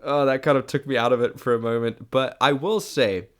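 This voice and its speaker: A man's voice: medium pitch, steady tone, fairly quick. A South African man hosting his own podcast, giving a rambling, chatty solo movie review and often restarting his sentences. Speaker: podcast host.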